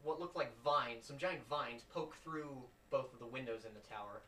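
A man's voice: medium pitch, normal speed, sharp tone. A man narrating as game master in a rambling, laughing way. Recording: roomy, distant home mic with faint noise.

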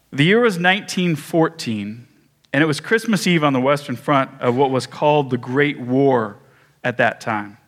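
A man pastor preaching a sermon, telling a story with measured pauses and small restarts. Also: medium pitch, expressive, fairly bright tone.

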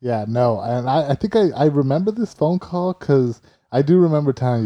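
A man telling a story in casual chat, animated and acting out other people's lines. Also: medium pitch, moderate pace, few pauses. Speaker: storyteller recounting a car crash.

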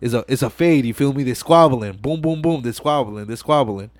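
A man's voice: medium pitch, fairly quick, no echo, clean studio sound. A young man hosting a podcast, retelling a film scene by scene in casual, profane slang. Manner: slangy, profane, animated storytelling. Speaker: podcast host. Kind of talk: casual movie recap chat.

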